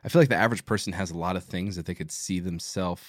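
Deep-voiced man chatting loosely. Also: fast, no echo, studio quality. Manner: relaxed, rambling, many fillers. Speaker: podcast guest. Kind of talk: casual chat.

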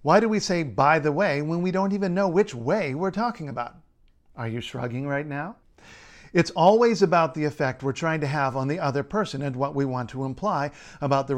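Guy linguist reading a scripted explainer, kinda high voice, playful. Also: fairly quick. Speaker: linguist and writer.

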